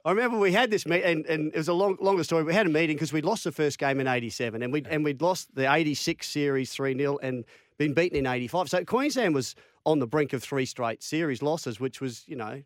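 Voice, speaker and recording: A man's voice: fairly high pitch, fast, no room sound, studio quality. A man in his fifties with an Australian accent, a former footballer telling stories in an interview, acting out quotes and laughing at his own tales. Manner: animated yarn-spinner, acts out quotes, laughs at own stories. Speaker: former rugby league player, interview guest. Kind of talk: storytelling interview chat.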